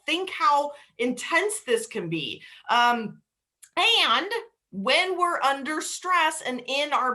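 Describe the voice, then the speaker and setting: A young adult woman giving a casual webinar talk, chatty and animated with frequent fillers. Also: a little high. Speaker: webinar presenter.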